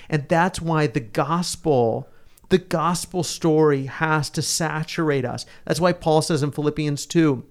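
A man's voice: fairly high pitch, clean tone. A man co-hosting a Bible study, explaining scripture earnestly with everyday examples in conversational chat.

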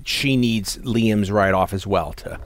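Lowish-voiced man chatting casually about a film. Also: slow pace. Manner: animated, swearing, acts out quotes. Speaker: podcast co-host.

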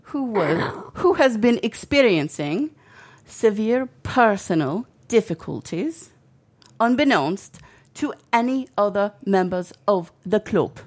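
A woman doing an overblown Yorkshire English voice, reading a grave statement with mock formality. The tone is raised above her usual one and swings widely in pitch. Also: lively intonation, slow pace. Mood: mock solemn. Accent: put-on Yorkshire English. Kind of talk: comic reading in a put-on accent.

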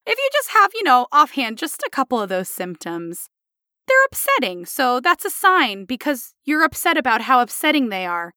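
A woman's voice: high voice, wildly swooping pitch, normal speed, pushed and bright, no echo, clean studio sound. A woman co-hosting a podcast, explaining research in a sarcastic, incredulous way. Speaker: podcast co-host. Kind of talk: casual podcast chat.

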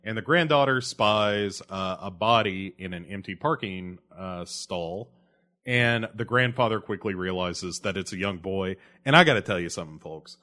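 A solo podcast host with a lowish voice talks through a film's plot in a loose, casual style. He fills his sentences with "uh" and "you know" and lets out awkward laughs when the material gets grim. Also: moderate pace, bright, forceful tone. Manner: rambling, heavy on fillers like uh and you know. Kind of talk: casual movie plot recap.

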